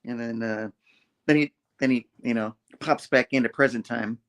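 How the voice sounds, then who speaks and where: A man's voice: medium pitch, fairly even intonation, normal speed, a bit bright. A man hosting a casual comic book review show, retelling the story in a rambling way with many fillers. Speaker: host.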